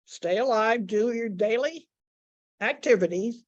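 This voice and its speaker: Slow, deliberate woman teaching Bible study. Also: on the high side, highs cut off. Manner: slow, deliberate, repeats key words for emphasis.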